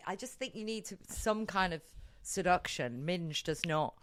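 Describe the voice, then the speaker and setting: A woman's voice: lowish voice, animated, moderate pace, a bit bright, no room sound. A young adult woman co-hosting a podcast in casual chat, frank and rambling, often laughing. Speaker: podcast co-host.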